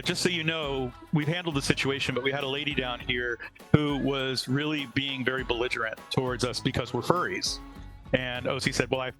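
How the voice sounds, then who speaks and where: A man's voice: medium pitch, a bit bright, rough recording. A man telling a long, rambling anecdote on a live talk show, quoting other people along the way. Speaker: convention organizer. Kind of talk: casual storytelling on a live show.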